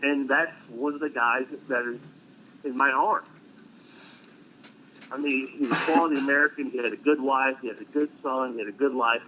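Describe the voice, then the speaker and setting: A man's voice: mid-range voice, fairly even intonation, moderate pace. Blunt, profane man on a tinny line. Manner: blunt and profane, dark humor. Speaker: military veteran guest. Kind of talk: casual storytelling on a live stream. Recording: tinny phone-like line with faint noise.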